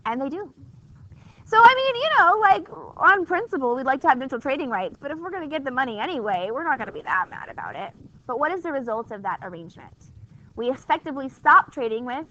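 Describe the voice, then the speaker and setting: A woman's voice: sits high, very animated, fast, pushed and bright. A woman teaching a history class in a chatty, wry, conversational way, full of rhetorical questions. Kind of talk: classroom lecture. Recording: dull lo-fi classroom recording.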